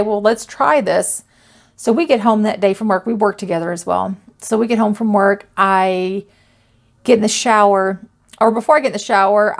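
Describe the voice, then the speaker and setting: Woman vlogger, mid-range voice, nervously recounting her own haunting, halting delivery. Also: mid-range voice. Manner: anxious, halting, with many restarts and fillers. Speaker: storyteller. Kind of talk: personal ghost story told to camera.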